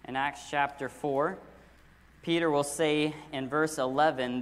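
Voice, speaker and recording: A male pastor delivers a sermon with earnest conviction, stressing single words for weight. His voice sits a little high for a man. The sound carries a long reverb, as in a big sanctuary. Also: steady tone, unhurried. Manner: earnest, emphatic preaching with stressed key words.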